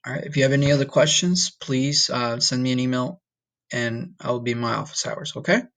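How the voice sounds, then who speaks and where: Slightly bright and medium in pitch, a man's voice leads a casual recorded Spanish lesson online. He pronounces Spanish words in a slow, drawn-out way and frequently checks in with "all right?" and "okay?"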